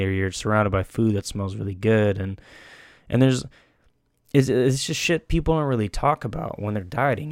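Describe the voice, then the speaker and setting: A young man rambles through a casual monologue, cursing freely and restarting his sentences often. His voice sits a little low and sounds smooth and clear. The sound is dry and close. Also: a little mellow, dry recording. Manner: rambling, profane, frequent restarts and fillers.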